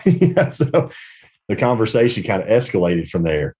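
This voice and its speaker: Middle-aged male podcast host, very low voice, rambling reflective storyteller. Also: sing-song, normal speed, mellow, breathy edge. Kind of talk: casual podcast conversation.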